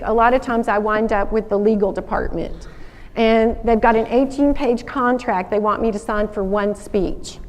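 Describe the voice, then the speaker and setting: A woman's voice: a little high, big-room sound, poor audio. Southern woman telling stories at an assembly. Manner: folksy storytelling, acts out phone calls. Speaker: guest speaker. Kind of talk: motivational talk to a school assembly. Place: school assembly hall.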